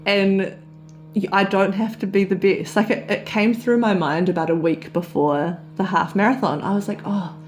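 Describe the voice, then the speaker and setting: A woman's voice: medium pitch, steady tone, moderate pace, slight background noise. A woman, telling a personal story as an open, reflective vlog monologue. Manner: open, confessional storytelling with soft laughs. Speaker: vlogger.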